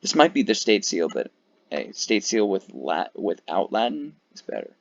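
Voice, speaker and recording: A tired man talks through a flag ranking in a low, gravelly voice. His pitch swings widely as he rambles, curses and trails off into fillers. The dull, lo-fi mic flattens his sound. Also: moderate pace. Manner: rambling, profane, many fillers. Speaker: video creator ranking flags. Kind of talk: casual commentary.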